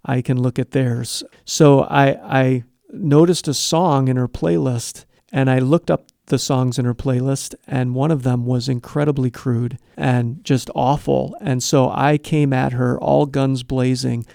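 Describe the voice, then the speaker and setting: A man's voice: medium pitch, fairly even intonation, a little slow, vocal fry, few pauses, mellow, no echo, studio quality. A middle-aged man giving Christian advice, explaining step by step in an earnest conversational way and acting out short bits of dialogue. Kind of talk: conversational teaching.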